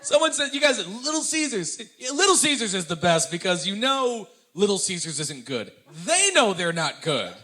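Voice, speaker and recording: A man performing stand-up comedy in an animated, self-mocking way, speaking straight to the audience. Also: high voice, moderate pace, few pauses.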